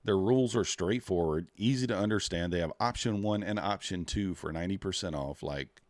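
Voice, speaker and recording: Low-voiced man chatting on a trading stream. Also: a little fast, dry recording. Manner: rambling, talks to chat while fiddling with software. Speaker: livestreaming futures trader. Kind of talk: casual livestream chat.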